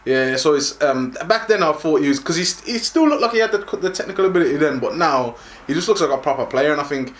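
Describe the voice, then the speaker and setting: A man's voice: a little high, expressive, fast, a crowd in the background. A man co-hosting a casual football podcast, rambling and restarting his sentences. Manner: rambling, many fillers and restarts. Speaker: podcast co-host.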